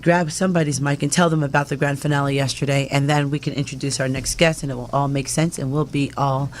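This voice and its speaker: A woman hosting a casual talk show, enthusiastic and quick to laugh with her guests. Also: extremely low pitch, steady tone, slight background noise. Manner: warm, enthusiastic, laughs often. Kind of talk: casual chat.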